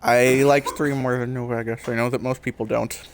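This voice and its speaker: A man's voice: mid-range voice, level tone, fairly quick, slight background noise. A young man from California giving casual gameplay commentary, lecturing in a mock-serious tour-guide manner with laughing asides. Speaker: gaming streamer.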